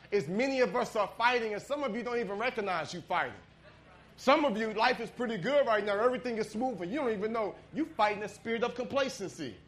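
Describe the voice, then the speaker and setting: A man preaching a sermon, animated, rising to shouts and dropping to a hushed prayer. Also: high-pitched, slight background noise. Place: church.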